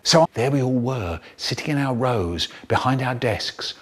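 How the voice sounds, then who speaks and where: An older man telling a comic story in a theatrical, expressive way. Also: mid-range voice, unhurried, husky. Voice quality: expressive, animated delivery. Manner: theatrical, big swoops between voices.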